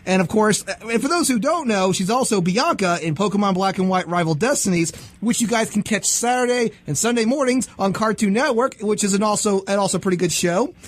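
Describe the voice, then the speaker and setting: An excitable male host with a high voice, chatting loosely and rambling from one thought to the next. He breaks into bits of theme songs as he talks. The tone is casual and eager. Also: fairly quick, hardly any pauses. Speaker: podcast host. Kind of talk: casual interview chat.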